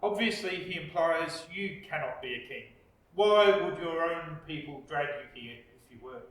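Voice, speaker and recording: A man with an Australian accent preaching a reflective sermon as pastor, slow with dramatic pauses. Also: on the high side, lively intonation, fairly bright tone. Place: church. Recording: echoey church, distant mic.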